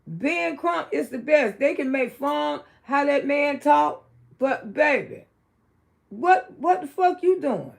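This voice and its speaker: A middle-aged woman with a Southern US drawl talks straight into her livestream, blunt and outspoken. Her high voice has a heavy gravelly fry running all through it. She sinks to a low mutter and then climbs back up to loud exclaiming. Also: lively intonation, slow. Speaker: livestream host. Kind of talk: casual livestream commentary.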